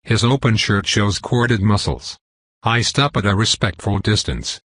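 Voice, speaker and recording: A man narrating a dark fantasy audiobook in an even, measured reading. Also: on the low side, slightly rough, dry recording. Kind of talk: scripted narration.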